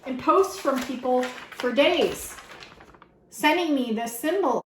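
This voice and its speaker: A woman doing a casual tarot reading for her viewers, excitable and swearing freely as she talks straight to the camera. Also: high-pitched, slow pace, echoey room, slight background noise, poor audio. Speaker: tarot reader. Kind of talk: casual spiritual reading vlog.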